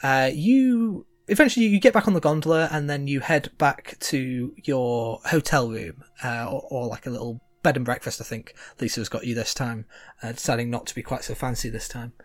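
A man narrating as game master of a tabletop game, relaxed and full of fillers. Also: mid-range voice, normal speed.

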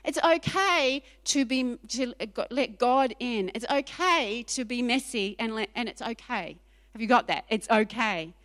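A woman pastor preaching a sermon in an animated, emphatic way, repeating phrases for effect. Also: a little high, a little slow.

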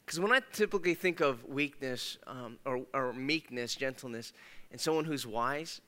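A man preaching a conversational sermon as pastor, swinging from emphatic bursts to hushed, earnest asides. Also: medium pitch, moderate pace, big-room sound. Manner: conversational, emphatic, shifts between loud and hushed. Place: church sanctuary.

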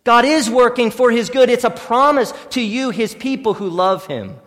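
A man preaching a sermon as pastor, earnest, dropping to a hush and then rising to force, repeating his questions. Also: very high voice, normal speed. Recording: long reverb in a hall.

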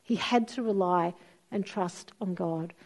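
This middle-aged woman's voice is on the low side, and she takes her time. She's giving a sermon full of expressive storytelling, dramatizing each quoted voice.

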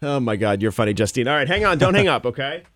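A man's voice: medium pitch, sing-song, fast, a bit bright, faint music behind. A man hosting a morning radio show, joking with his co-host and callers, laughing often and stumbling over his wording. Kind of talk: casual morning radio banter. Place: radio studio. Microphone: studio microphone.

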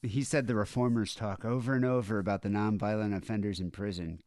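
A man's voice: fairly low pitch, a little fast, few pauses, a little mellow, clear, resonant tone, no room sound, clean studio sound. A man co-hosting a comedy podcast, reading news stories aloud in a laid-back, wry way. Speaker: podcast co-host. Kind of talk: casual comedic chat.

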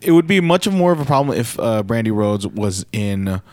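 A man's voice: fairly low pitch, big pitch swings, normal speed, darkish tone, dry recording. Young man recapping wrestling with dry asides. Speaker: podcast co-host recapping wrestling. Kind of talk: casual recap chat.

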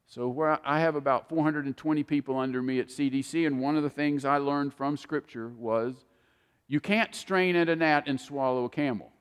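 Older preacher in a reverberant hall. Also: male voice, fairly high pitch, normal speed, smooth. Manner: folksy storytelling, acts out quoted people. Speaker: pastor. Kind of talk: sermon.

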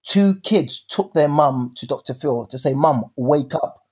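A young man, co-hosting a podcast and telling stories in a lively, slangy way. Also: fairly high pitch, measured pace, breathy edge. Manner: animated storyteller, slangy. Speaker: podcast co-host. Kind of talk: casual chat.

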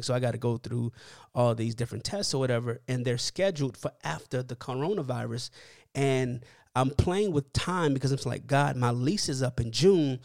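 A man's voice: a little high, a little mellow, no room sound, studio quality. A man who is a minister, giving a video devotional message in a testifying, preachy manner and often asking listeners if they hear him. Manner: preachy, testimonial, asks listeners "hear what I'm saying".

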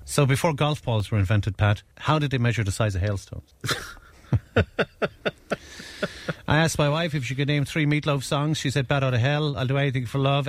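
A man co-hosting a radio show, telling jokes and rambling through playful questions. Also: medium pitch. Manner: jokey, rambling, animated questioning. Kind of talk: casual radio banter.

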